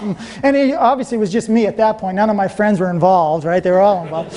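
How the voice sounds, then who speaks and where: A man giving a motivational seminar talk to a live audience, telling stories in an animated way and laughing often. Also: high-pitched, fast talker, hardly any pauses. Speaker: seminar speaker.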